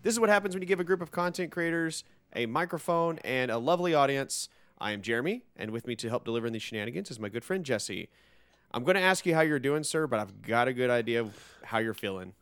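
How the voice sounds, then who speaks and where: A young man hosting a podcast, relaxed and a bit worn out in casual chat. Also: medium pitch, fast talker, dry recording. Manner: relaxed, tired, easygoing. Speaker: podcast host.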